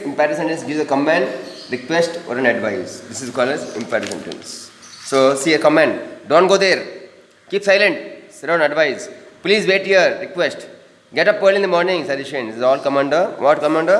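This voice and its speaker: A man teaching a grammar lesson to students, repeating points and calling them "ma". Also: medium pitch. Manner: repetitive, addresses students as "ma". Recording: echoey room with long reverb.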